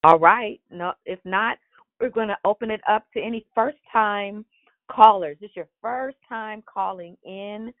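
A woman's voice: mid-range voice, measured pace, no room sound. A woman hosting a church prayer call over the phone, speaking in an encouraging, preacherly way. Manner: warm, encouraging, sermon-like cadence. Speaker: host of a prayer call line. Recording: tinny phone line.

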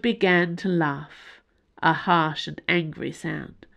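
Woman narrating an audiobook, lowish voice. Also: takes it slowly, creaky. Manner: expressive, varied delivery.

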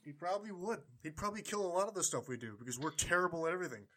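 A slightly high-voiced man hosting a relaxed podcast among friends. He rambles in an easygoing way, with lots of "uh" and restarts. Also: racing. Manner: rambling, easygoing, filler-heavy. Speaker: podcast host. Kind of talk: casual chat, beer reviews.

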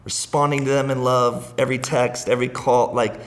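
A man's voice: mid-range voice, level tone, fairly quick. A middle-aged man speaking as a guest in a casual interview, earnest and rambling, often laughing as he talks.

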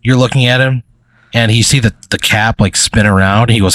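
A man's voice: medium pitch, moderate pace, a bit bright, no room sound. A man running an improvised story game as game master, rambling with many fillers and chuckles.

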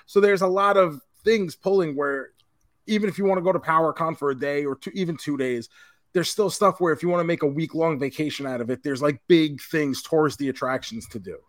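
A man's voice: on the high side, fairly quick, dry recording, studio quality. A man co-hosting a podcast, telling a convention story in casual chat and swearing now and then. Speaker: podcast co-host.

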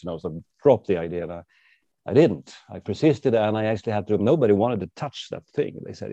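Swedish-accented male author, chatty and wry, low mellow tone, dull dry sound. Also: lively intonation, fairly quick, dry recording. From Sweden. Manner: chatty, wry, laughs often. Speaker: author and guest. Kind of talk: casual interview talk.

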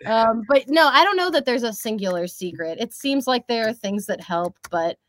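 A woman's voice: a little high, animated, normal speed, fairly bright tone, slight background noise. A young woman who works as a voice actress, chatting casually in an interview in a bubbly, rambling way with lots of fillers. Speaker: voice actress and social media creator.

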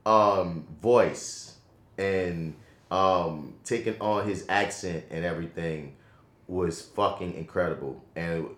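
A man co-hosting a podcast and reviewing a film in casual chat, animated and profane with slangy emphatic asides. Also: deep voice, takes it slowly. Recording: roomy echo.

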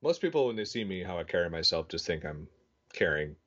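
A man's voice: low voice, very animated, fairly quick, a bit bright. A man in his thirties chatting casually as a podcast co-host, rambling with lots of fillers and poking fun at himself. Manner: rambling, filler-heavy, self-mocking storyteller. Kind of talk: casual chat. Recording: dull lo-fi audio.

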